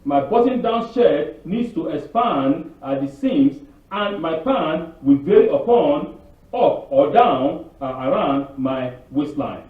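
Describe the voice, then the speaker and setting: A man gives a loose, rambling sermon in a high voice, asking questions and answering them himself. He acts out the people he quotes with sudden leaps in pitch. He is heard from far off in a very echoey room, through a thin, phone-like line. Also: lively intonation, slow pace. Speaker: spiritual leader giving a weekly Torah talk. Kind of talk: informal sermon. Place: Canada.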